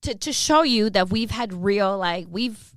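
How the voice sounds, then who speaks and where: A woman radio host telling candid stories in a casual interview, animated and quick to laugh, swearing freely. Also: medium pitch, no room sound, studio quality.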